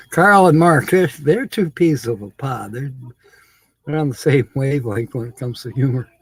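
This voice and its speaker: A man's voice: mid-range voice, measured pace, husky, dry recording. A man hosting a live stream, chatting casually with viewers, laughing often and reading comments aloud.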